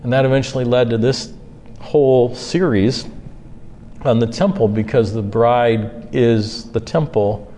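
A man preaching a sermon as pastor, earnest, moving between soft asides and loud, high-pitched bursts. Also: unhurried, in a large hall, slight background noise.

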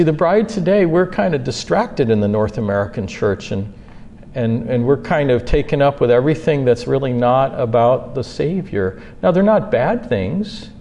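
A man preaching a sermon as pastor, earnest, moving between soft asides and loud, high-pitched bursts. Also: sing-song, moderate pace, in a large hall.

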